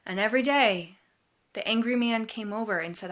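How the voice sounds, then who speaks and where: A woman advisor giving an inspirational storytelling talk, deliberate and repeating words for emphasis. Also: medium pitch, a bit bright. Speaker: college advisor.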